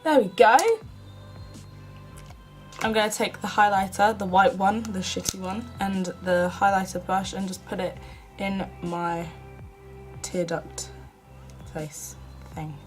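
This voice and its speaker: A woman's voice: medium pitch, level tone, unhurried, pauses often, faint music behind, rough recording. A young woman from the UK chatting casually through a makeup tutorial, self-mocking and often half-muttering to herself. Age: young adult. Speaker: beauty vlogger.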